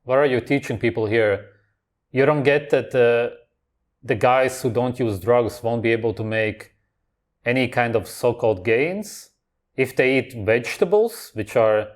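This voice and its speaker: A man hosting a reaction video, commenting on clips in a blunt, dismissive, contrarian way. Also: mid-range voice.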